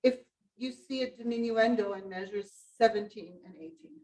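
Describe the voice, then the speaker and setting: A woman's voice: fairly high pitch, moderate pace, a loud crowd. A woman directing a choir rehearsal, coaching the singers and singing short phrases to show how they should go. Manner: sings phrases to demonstrate, animated coaching. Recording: roomy rehearsal hall, from far off.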